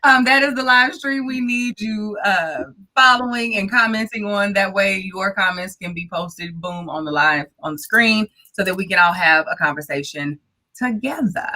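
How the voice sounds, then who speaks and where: A woman's voice: medium pitch, moderate pace, pushed and bright. A woman from Oakland, California, co-hosting a casual live-stream talk show, chatty and playful as she talks straight to the viewers. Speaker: co-host.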